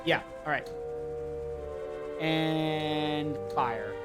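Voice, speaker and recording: A man's voice: fairly high pitch, extremely slow, over loud music, low-quality recording. A man streaming live gameplay, talking himself through each step and getting frantic and swearing under pressure.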